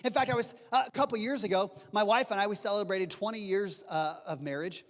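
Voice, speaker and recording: A man in his forties preaching a sermon as pastor, telling a story with lively asides and frequent restarts. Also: sits high, brisk. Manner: animated storytelling with repeated restarts and playful asides. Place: church sanctuary. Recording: long reverb of a church hall.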